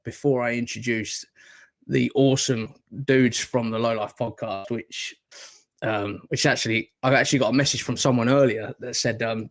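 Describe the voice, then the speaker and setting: A man with a Northern English accent hosts a casual podcast chat. He rambles, swears freely and laughs at his own fumbles. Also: mid-range voice. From Northern England. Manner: rambling, sweary, self-deprecating. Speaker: podcast host.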